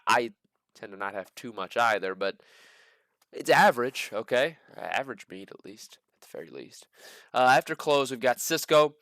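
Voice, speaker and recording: Joking man with a smooth voice. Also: fairly low pitch, fairly bright tone, no room sound, studio quality. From American Midwest. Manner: joking, rambling asides with sarcastic quips. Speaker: stock market channel host. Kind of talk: casual commentary on earnings reports.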